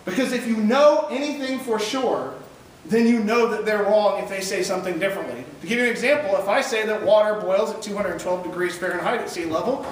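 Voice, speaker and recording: A man's voice: high voice, brisk. A man gives an emphatic chapel talk, pressing his listeners with rhetorical questions. He is recorded from a distance in a big echoey hall, with faint room noise underneath. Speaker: speaker at a school chapel. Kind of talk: chapel talk to high school students.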